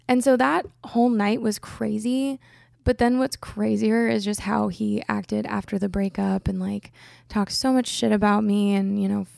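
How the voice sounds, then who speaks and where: Young woman podcaster, super fry-heavy voice, dry close sound, says like a lot. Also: mid-range voice, a little mellow, no echo. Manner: chatty, many "like" fillers. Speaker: podcast host. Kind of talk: casual personal storytelling.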